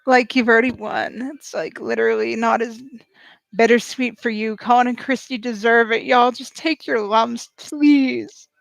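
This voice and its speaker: High-voiced, excitable woman vlogger. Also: a little slow, vocal fry, no room sound, rough recording. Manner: excitable, gushing, talks straight to viewers. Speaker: reaction vlogger. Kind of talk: live reaction commentary.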